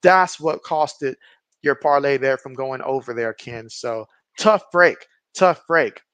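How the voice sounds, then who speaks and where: A man's voice: medium pitch, unhurried, dry recording. A man hosting a live sports stream, calling the game and reading viewer comments aloud in casual chat. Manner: reads viewer comments aloud, excitable on big plays. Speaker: live stream host doing play-by-play.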